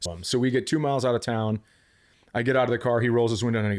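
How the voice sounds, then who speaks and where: A man's voice: medium pitch, steady tone, very fast, darkish tone. Laid-back man telling a story. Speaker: guest. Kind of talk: casual storytelling.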